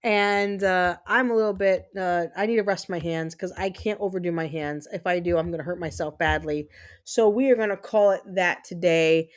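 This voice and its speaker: A woman's voice: lowish voice, moderate pace. A woman hosting a gaming livestream, chatting casually and rambling to herself as she plays. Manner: chatty, self-talking, rambling. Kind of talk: casual chat while playing.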